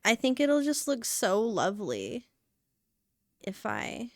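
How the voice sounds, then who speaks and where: A woman's voice: on the high side, sing-song, slow pace, no room sound, clean studio sound. Chatty woman streamer, a bit breathless. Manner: chatty, rambling, self-narrating. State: a little out of breath. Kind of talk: casual live-stream chat while working.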